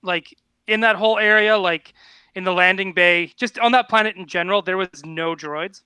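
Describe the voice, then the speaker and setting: A man co-hosts a casual chat with a high, bright voice. He speaks hesitantly, with fillers. The sound is dry and close. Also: normal speed, clean tone, no echo. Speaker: co-host.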